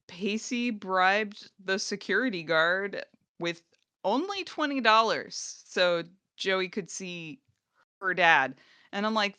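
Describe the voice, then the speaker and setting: A woman's voice: mid-range voice, bright, forceful tone, smooth, no room sound. A woman co-hosting a podcast, casually recapping an episode, laughing often and acting out quoted lines. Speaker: podcast co-host.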